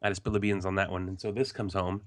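Low-voiced profane podcast host. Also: male voice, level tone, rapid-fire. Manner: profane, rambling storyteller. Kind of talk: casual chat. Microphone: home computer mic.

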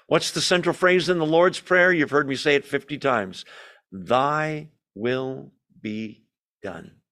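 A man with a fairly high voice teaching an evening Bible study in a church room. He reads verses aloud with emphasis and keeps turning to the room with rhetorical questions, in a sermon-style teaching manner. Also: a bit bright.

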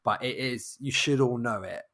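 A man's voice: medium pitch, moderate pace, a bit bright. A man hosting a podcast film quiz, talking casually and with some hesitation. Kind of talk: casual chat.

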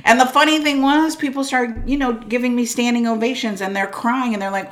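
A woman guest in an interview, an entrepreneur and speaker, talking about her life in an emphatic, expressive way with many asides of "like" and "right?". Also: on the high side, fairly quick, few pauses. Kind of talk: candid interview storytelling.

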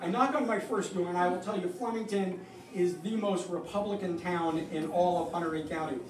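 A high-voiced man spins a wry, salty story about himself, picked up from a distance in a live, echoey hall. A low hum of audience ambience sits under him. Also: brisk, crowd noise. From New York. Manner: wry, profane, self-mocking. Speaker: comedian telling a personal story.

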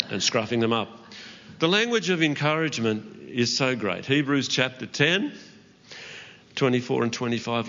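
In a church auditorium, with the dull sound and long reverb of a church hall recording, a pastor delivers an earnest sermon. His medium-pitched voice is pushed and bright, and he drops in light laughs and asides to the congregation.

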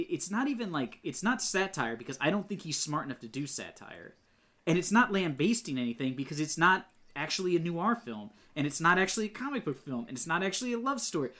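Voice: mid-range voice, a bit bright. A podcast co-host picking apart a bad movie in casual, rambling banter full of fillers. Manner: critical, rambling with many fillers.

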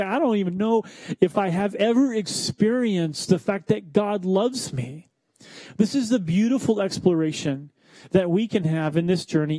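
A man's voice: sits high, mellow, dry recording. A young man preaching a sermon as pastor, in a conversational, joking way and acting out quoted voices. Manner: conversational, self-deprecating, acts out quoted voices.

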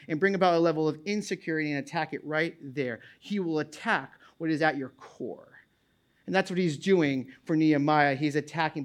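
A middle-aged male pastor preaching a sermon in an animated way, repeating words and restarting, booming out when he reads scripture aloud. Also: clear, resonant tone.

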